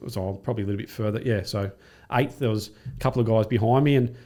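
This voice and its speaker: A man, a triathlete and coach, telling a race story in casual chat with lots of swearing and acted-out quotes. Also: on the low side. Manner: rapid, profane, animated retelling with acted-out quotes. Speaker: podcast guest, triathlete and coach.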